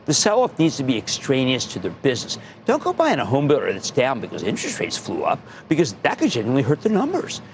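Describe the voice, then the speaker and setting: Emphatic, animated TV finance host man. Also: medium pitch, fast, hardly any pauses, a little hiss or hum. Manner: emphatic, animated, repeats words for punch. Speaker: TV stock market show host. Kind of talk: energetic investing advice monologue.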